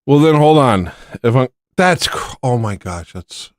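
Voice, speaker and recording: A man's voice: medium pitch, animated, unhurried, dry recording, studio quality. A man hosting a livestream, chatting casually with viewers in an exasperated, incredulous, mock-outraged way. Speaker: livestream host.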